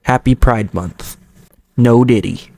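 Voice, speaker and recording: A man giving an enthusiastic, chatty album review to his viewers, talking like an excited fan and cracking playful jokes along the way. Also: mid-range voice, slow pace, gravelly. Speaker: music reviewer YouTuber. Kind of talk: casual album review monologue.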